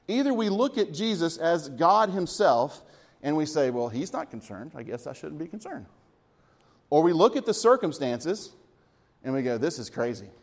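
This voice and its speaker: A man's voice: a little high, a little mellow. A man, a church elder, preaching a sermon in a conversational storytelling way with light humor.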